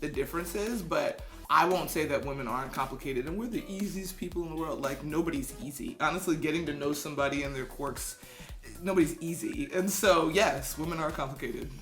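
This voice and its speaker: A woman's voice: sits low, brisk, echoey room, faint music behind. A woman co-hosting a casual chat, rambling through her answers and laughing often. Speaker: co-host.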